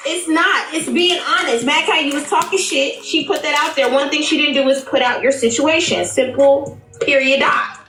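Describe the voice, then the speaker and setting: A defensive woman insists on her side and talks over the others in a live-stream argument. Her voice is high. The sound has an echoey ring. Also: steady tone, moderate pace, a bit bright. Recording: echoey room.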